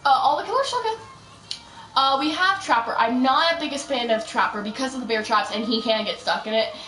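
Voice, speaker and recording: A chatty young woman rambles through her game, hopping between asides. Her voice sits a little high and comes from a step back from the mic. The room echoes around her and faint music plays underneath. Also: lively intonation, a little fast, bright, forceful tone, far from the mic. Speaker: gaming streamer. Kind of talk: casual gameplay commentary.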